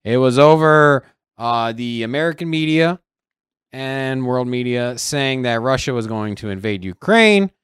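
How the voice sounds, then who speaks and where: A man's voice: medium pitch, expressive, a little slow, fairly bright tone, clear, resonant tone, dry recording, clean studio sound. A man co-hosting a podcast in casual chat, talking markets in a loose, slangy way. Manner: loose, laid-back, slangy. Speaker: podcast co-host.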